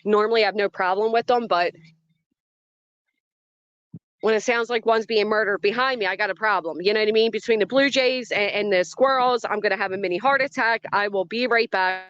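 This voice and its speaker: A woman's voice: medium pitch, fairly quick, a bit bright, no echo. A woman hosts a casual livestream from outside, talking straight to her chat. Her reactions are dramatic and easily startled. The sound is dry and a little muffled. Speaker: livestream host. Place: outdoors in a yard by trees.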